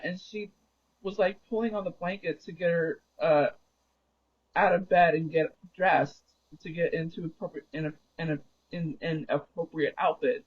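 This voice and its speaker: Heard through dull lo-fi audio, a man with a slightly high voice keeps a steady tone at normal speed. He streams a game while casually telling a rambling story, repeatedly correcting himself in the middle of sentences.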